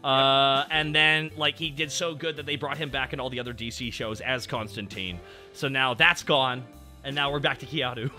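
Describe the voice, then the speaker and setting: A man hosting a casual stream chat, talking excitably and swearing freely. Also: medium pitch, moderate pace, soft background music. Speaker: streamer host.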